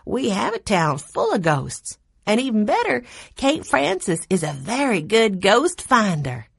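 A woman's voice: mid-range voice, wildly swooping pitch, a little slow, gravelly, husky, dry recording, clean studio sound, voice pushed up, full character voice. A woman voicing a playful, amused older grandmother in a storybook reading. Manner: playful, teasing.

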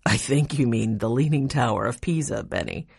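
A woman voicing a gentle, kindly grandfather in a storybook. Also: a bass voice, moderate pace, vocal fry, slightly rough, no room sound, studio quality, pitched below the performer's own voice, exaggerated voice. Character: kind chuckling grandfather.

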